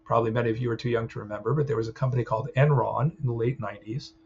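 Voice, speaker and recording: A man's voice: medium pitch, steady tone, very fast, gravelly, a little mellow, slight background noise. Man giving a chatty clinical training lecture. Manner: conversational, frequent "right?" check-ins. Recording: slightly dull sound with faint ambience.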